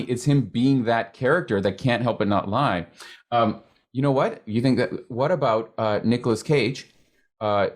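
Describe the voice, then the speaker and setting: Guy hosting an acting podcast, loose casual chat, keeps restarting sentences, mid pitch, speeds up telling stories. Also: a little mellow. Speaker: podcast host.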